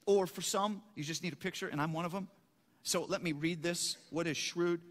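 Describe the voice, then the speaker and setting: A man's voice: high-pitched, fairly even intonation, moderate pace, a bit bright. A man preaching a sermon, emphatic, asking questions and answering them himself. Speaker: pastor. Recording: echoey hall.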